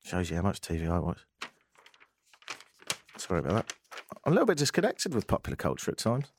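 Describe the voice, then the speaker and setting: A man hosting a radio talk show, reading listener texts with wry, animated commentary. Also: low voice, a little fast, slight background noise. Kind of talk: casual radio call-in chat.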